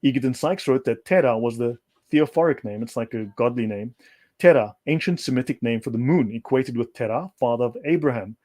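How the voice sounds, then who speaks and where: A man's voice: medium pitch, brisk, dark tone. Man lecturing emphatically on a livestream. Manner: lecturing, emphatic, repeats points. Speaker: guest speaker. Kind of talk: livestream discussion.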